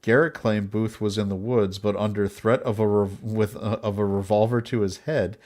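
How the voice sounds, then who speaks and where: A man's voice: fairly low pitch, steady tone, moderate pace, darkish tone. A man hosting a casual comedy podcast, narrating history between jokes and frequent laughter. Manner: laughs often, jokey asides between narration.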